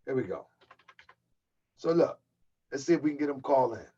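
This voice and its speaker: A man's voice: medium pitch, animated, moderate pace, dark tone, husky, highs cut off. A man hosting his own channel, delivering a heated, mocking rant and calling his viewers family. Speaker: channel host. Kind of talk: livestream rant.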